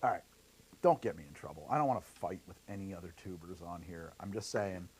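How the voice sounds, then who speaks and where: A man's voice: low-pitched, brisk, darkish tone, a little hiss or hum. A man hosting a livestream while mixing drinks, rambling and heated, swearing freely and laughing often into a studio mic. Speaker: livestream host making drinks. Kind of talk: casual livestream chat. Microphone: studio mic through a mixer rig.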